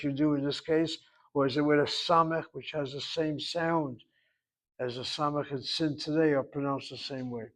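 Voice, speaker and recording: A man teaching a Hebrew class, explaining word forms at length with digressions and drilling pronunciation. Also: mid-range voice. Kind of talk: classroom grammar lesson.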